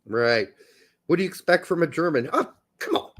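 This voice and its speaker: A man with a high voice chats casually as a podcast co-host. His pitch swings widely as he jokes and laughs, wandering into rambling asides. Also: sing-song, normal speed, a bit bright.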